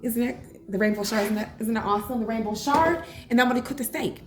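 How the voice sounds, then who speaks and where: A woman in her forties, a cooking vlogger chatting casually at home with rambling, animated asides. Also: a little high, fast, faint music behind. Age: 40s. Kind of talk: casual cooking vlog chat. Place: home kitchen. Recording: echoey kitchen, faint room noise.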